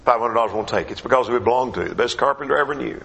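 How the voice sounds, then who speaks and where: A man preaching a gospel meeting sermon in a conversational way, his questions rising and his phrases dropping low at the end. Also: racing, creaky, fairly bright tone.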